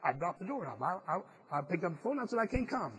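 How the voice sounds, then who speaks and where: A male preacher with a fairly high voice preaches a sermon. He tells his story earnestly and leans hard on key phrases. Now and then he stumbles and restarts his words. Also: big pitch swings, fast talker, fairly bright tone, slight background noise, poor audio. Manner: some stammered restarts.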